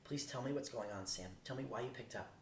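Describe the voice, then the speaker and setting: A man voicing an anxious teenage girl, halting and breathless, close to tears. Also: lightly acted. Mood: shaken. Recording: roomy distant recording, faint rumble.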